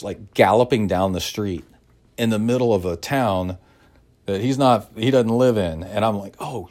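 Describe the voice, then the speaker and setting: A man from Texas talks alone into the mic for his podcast, his voice sitting very low. He wanders from one detail to the next, casual and chatty, padding it all with "like" and "uh". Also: a little mellow. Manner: chatty and digressive, full of "like" and "uh". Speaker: podcast host and triathlon coach. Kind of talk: casual solo storytelling.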